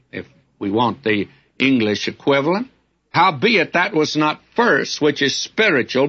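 Folksy preacher guy going verse by verse, kinda husky, muffled old tape sound. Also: on the high side. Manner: folksy, emphatic, animated storytelling. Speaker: Bible teacher. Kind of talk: sermon-style Bible exposition.

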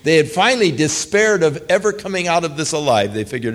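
Pastor, man, earnest sermon delivery, slightly raised voice, animated pitch. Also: fairly quick.

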